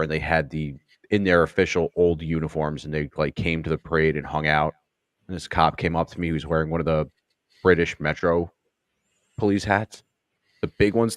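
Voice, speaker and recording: Co-host, male, low voice, dry close sound, swears freely, acts out the people in his stories. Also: dry recording. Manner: storytelling, swearing, acts out quotes. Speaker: podcast co-host. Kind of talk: casual profane chat.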